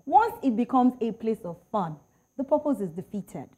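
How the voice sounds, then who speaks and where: A Nigerian woman hosting a lively panel chat, teasing her guests and reading out quotes. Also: a little high, moderate pace. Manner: animated, teasing, reads out tweets. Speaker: talk show host.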